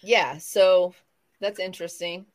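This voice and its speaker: A woman's voice: fairly low pitch, slow, a crowd in the background. A woman from the American South co-hosting a casual live stream chat, rambling and trailing off into new thoughts. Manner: chatty, rambling, trails off and restarts mid-thought.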